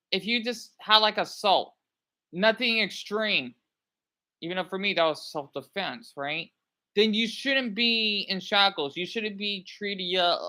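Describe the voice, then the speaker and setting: A woman in her thirties from Arizona, rambling through opinionated commentary while reacting to videos, checking in with "right?" a lot. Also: lowish voice. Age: 30s. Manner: rambling, animated, asks "right?" often.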